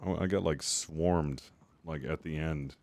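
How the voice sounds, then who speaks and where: A man's voice: rumbling low, a little slow, creaky, darkish tone. A man streaming a game, chatting casually with viewers in a rambling way and swearing freely.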